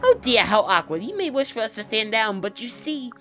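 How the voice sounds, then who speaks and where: A man's voice: high voice, big pitch swings, fairly quick, a bit bright, faint music behind, pitched above the performer's own voice, full character voice. A man voicing a mocking, scheming male sorcerer in a game dialogue reading. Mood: sly.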